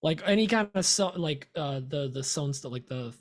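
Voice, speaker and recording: A man's voice: a little high, animated, moderate pace. An American man co-hosting a woodworking podcast, chatting casually and rambling with fillers and laughs. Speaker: podcast co-host. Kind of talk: casual chat.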